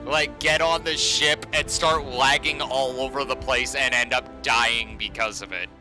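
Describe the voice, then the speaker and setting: A man's voice: medium pitch, steady tone, unhurried, music in the background. A man streaming a game live, ranting sarcastically and swearing a lot.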